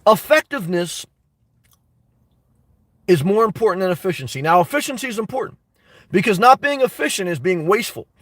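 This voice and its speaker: Very animated yet given to long pauses, this YouTube host talks fairly quickly in a high, slightly bright voice as he answers live chat. He emphatically repeats himself and laughs between remarks, far from the mic with no echo.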